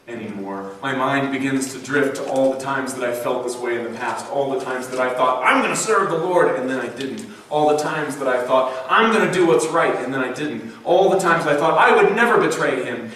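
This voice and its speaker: A man's voice: medium pitch, fairly bright tone, slight background noise. A man preaching a sermon, dramatically voicing quoted thoughts and the words of the people he tells about. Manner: dramatic, acts out quoted voices. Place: church sanctuary. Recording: echoey church hall from a distance.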